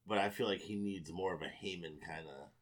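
A man's voice: low voice, a little fast. A man co-hosting a podcast, chatting about wrestling in an easygoing way. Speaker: podcast co-host. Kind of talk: casual wrestling chat.

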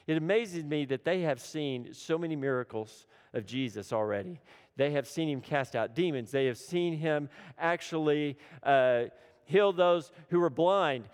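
A man delivers a sermon that swings dramatically between loud, urgent lines and quiet, low ones, repeating phrases for emphasis. The recording has a long hall reverb.

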